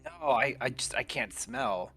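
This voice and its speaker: Bright-voiced man playing a tabletop game. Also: mid-range voice, slightly rough, soft background music. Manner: halting, stammering, playful. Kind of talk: casual chat.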